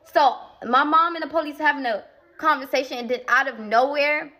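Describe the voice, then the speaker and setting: A woman's voice: sits high, a little fast, pushed and bright. A young woman telling a personal story in a casual vlog, emphatic and talking straight to her viewers with repeated asides.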